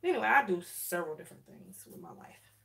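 A woman's voice: mid-range voice, sing-song, fast talker, gravelly, bright, forceful tone. A woman in her thirties chatting casually with viewers on a live stream while doing her hair, talking to them as y'all. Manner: chatty, addresses viewers as y'all, dialect grammar. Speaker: livestream host. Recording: echoey room, mic at a distance.

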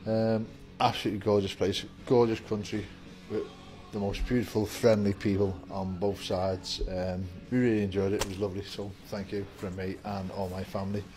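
A man with a fairly low, slightly mellow voice keeps a level tone and moderate pace as he chats casually to camera, welcoming viewers from inside his vape shop. His talk is upbeat and rambling, with the door open and faint music playing.

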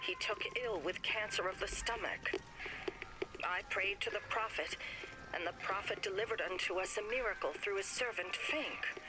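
A woman's voice: on the low side, close to an everyday voice, poor audio. A woman voicing a solemn, devout wife in a game audio diary. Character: grieving wife in a recorded diary.

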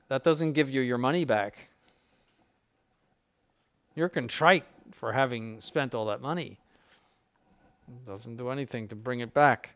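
A man of mid pitch delivers an informal lecture as a bishop teaching clergy. He talks in an earnest, conversational way, stressing his points and acting out quoted examples to make them land. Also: moderate pace, vocal fry, pauses often, a bit bright.

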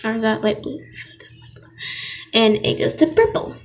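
A woman's voice: fairly high pitch, animated, brisk. A young woman giving a rambling, giggly casual drawing tutorial, often laughing and interrupting herself. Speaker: vlogger. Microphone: phone.

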